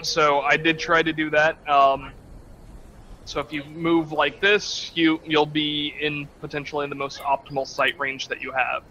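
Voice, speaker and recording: Young guy running the game, bright sharp voice, keeps restarting sentences, bit of hiss on the line. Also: a little high, level tone, unhurried, muffled recording. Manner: hesitant, restarts sentences while explaining. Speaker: game master. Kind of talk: narrating and ruling a tabletop game.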